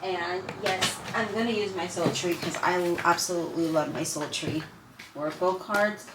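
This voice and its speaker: A woman's voice: on the low side, moderate pace. A woman giving a casual spoken tarot reading, effusive and emotional, who keeps asking "right?" and calling her viewers "you guys". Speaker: tarot reader. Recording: echoey room with steady noise.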